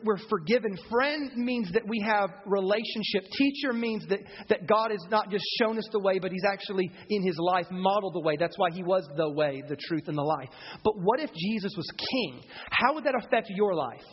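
A male pastor with a high-sitting voice preaches a live sermon at a church service, posing rhetorical questions to his congregation. The sound is dull, with a reverberant hall and slight background noise.

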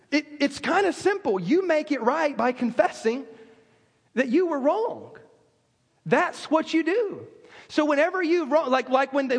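A man's voice: very high voice, big-room sound. A man preaching a sermon as a pastor, telling stories with self-deprecating humor.

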